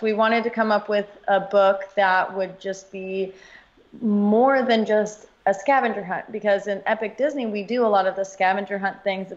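A woman guest on a casual podcast, explaining things at a relaxed conversational pace with frequent ums. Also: mid-range voice. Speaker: podcast guest, book co-author. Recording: dull lo-fi audio.

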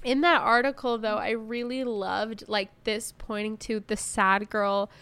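A woman's voice: a little high, fairly even intonation, a bit bright, clear, resonant tone. Chatty young woman co-hosting a podcast. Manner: chatty, laughing, quick to relate personal stories. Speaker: podcast co-host. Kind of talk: casual podcast chat.

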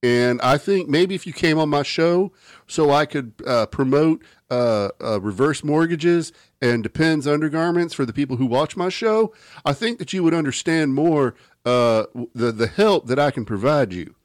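A man impersonating a preachy, condescending older male TV talk-show counselor, halting on fillers. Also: a little high, animated, no echo, clean studio sound, close to an everyday voice.

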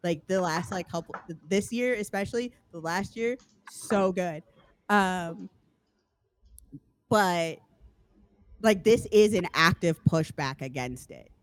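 A woman co-hosting a podcast, emphatic and quick in casual chat, piling on her points. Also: fairly low pitch, lively intonation, dry recording. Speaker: podcast co-host.

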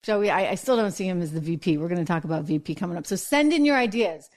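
A woman hosting a political commentary show, telling stories in a chatty, animated way. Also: fairly low pitch, fast. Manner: chatty, animated storytelling with laughs. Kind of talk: casual news commentary.

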